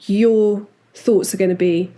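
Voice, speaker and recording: Woman podcast host, relaxed and chatty, mid-pitched, with frequent asides while recounting a case. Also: slow pace. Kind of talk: casual true-crime storytelling.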